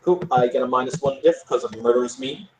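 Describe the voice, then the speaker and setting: A man playing a tabletop game, talking casually and quick to laugh. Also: mid-range voice. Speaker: player. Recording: roomy echo, faint noise.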